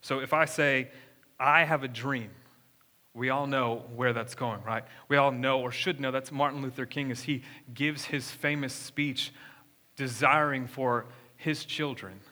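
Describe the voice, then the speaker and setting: In a church sanctuary, a young man gives a sermon in a conversational style, drawing the room in with questions. He speaks a little slowly in a mid-range voice that sounds pushed and bright, with fairly even intonation.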